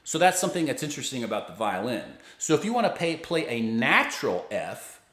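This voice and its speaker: A man teaching violin, patiently explaining fingerings and bowing and counting beats out loud. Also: medium pitch, sing-song, a little fast. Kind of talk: instructional explanation. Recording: echoey room with loud violin playing.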